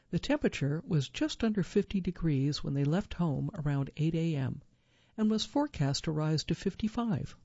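A narrator reading a true survival story in a measured storytelling manner, lifting the quoted lines. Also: medium pitch, dark tone, no room sound, muffled recording.

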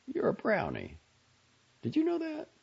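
A man's voice: extremely high pitch, wildly swooping pitch, unhurried, creaky, slightly rough, voice pushed up, full character voice. A man voicing a nervous, exasperated young woman in an audiobook reading, talking sharply and pleadingly. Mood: testy. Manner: sharp, pleading, raised in heat. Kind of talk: audiobook character voice. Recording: dull lo-fi audio.

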